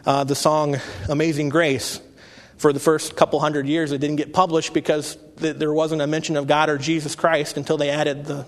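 Male pastor, 30s, earnest conversational preaching, slightly high voice, hall reverb. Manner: conversational, earnest, with frequent restarts. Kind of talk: sermon. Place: church sanctuary.

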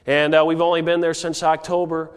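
A man's voice: on the high side, level tone, fairly quick, clean tone, big-room sound. A man with a cold, preaching an earnest missionary sermon with frequent hesitations and rising calls to action. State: has a cold.

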